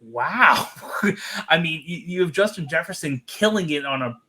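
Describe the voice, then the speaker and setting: A man on a casual sports podcast runs a trivia bit for his co-hosts. His voice sits somewhat high, and he teases them with a dry, sarcastic wit. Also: moderate pace, a bit bright. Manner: playful quizmaster, teasing and dryly sarcastic. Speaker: podcast co-host presenting a trivia segment.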